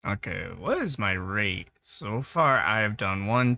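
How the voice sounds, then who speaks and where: A man's voice: lowish voice, vocal fry. A man casually chatting while streaming his art, rambling and laughing easily. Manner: relaxed, rambling, quick to laugh.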